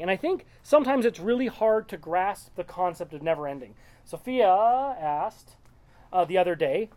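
A woman's voice: medium pitch, animated, moderate pace, mellow. A woman leading a small-group Bible study, reading verses aloud and explaining them in a loose, conversational way.

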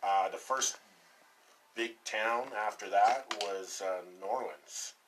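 A man's voice: lowish voice, slow pace. A man from Colorado co-hosting a podcast, telling a long road-trip story in loose casual chat, rambling, laughing often and swearing offhand. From Colorado, USA. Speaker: podcast co-host. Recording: distant mic, faint background noise.

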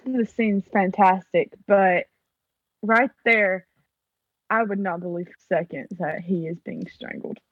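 Slow, giggly young woman. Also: medium pitch, dry recording, muffled recording. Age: young adult. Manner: giggly, thoughtful, laughs often. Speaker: co-host. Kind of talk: casual podcast chat.

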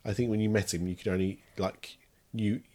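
A man's voice: lowish voice, fairly even intonation, brisk, dark tone. A man, a parent casually questioning his child about a book, playful and teasing. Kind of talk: casual chat.

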